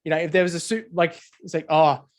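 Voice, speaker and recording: A man's voice: on the high side, fast talker. A man co-hosting a casual podcast chat, rambling and sweary with lots of filler words. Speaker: podcast co-host. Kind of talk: casual chat over beers.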